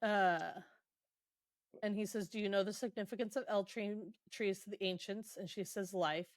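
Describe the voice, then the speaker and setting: A woman at a middle pitch chatting through a book recap. She paraphrases dialogue loosely, drops in ums and quick laughs. The recording is dry and close. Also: fairly even intonation, no room sound. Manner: retells scenes loosely with quick quoted asides, many ums, laughs. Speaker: podcast co-host.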